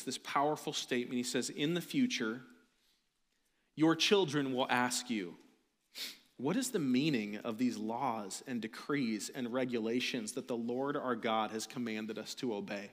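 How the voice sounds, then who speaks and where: A man preaching as a pastor, his mid-range voice carrying through a church sanctuary with a long echo. He drives his points home with emphatic, slowed-down repetition. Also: medium pitch. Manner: preaching with rising intensity and emphatic slow repetition. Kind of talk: sermon.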